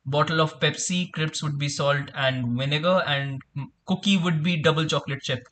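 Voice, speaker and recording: Indian guy, kinda high bright voice, laid back, reads the chat out slow. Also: fairly even intonation. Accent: Indian English. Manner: easygoing, filler-heavy, unhurried. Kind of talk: casual live watchalong chat.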